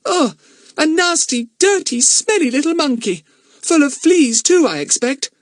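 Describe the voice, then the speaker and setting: A man voicing a sharp-tongued, bossy young girl in an audiobook, with a shrill, scolding delivery. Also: very animated, fairly quick, no echo, clean studio sound. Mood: cross, scornful.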